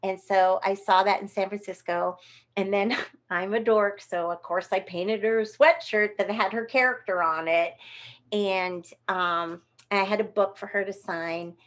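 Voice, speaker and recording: Animated woman telling a story. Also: medium pitch, a little slow. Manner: animated, acts out quoted voices. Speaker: guest performer. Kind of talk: casual storytelling in conversation.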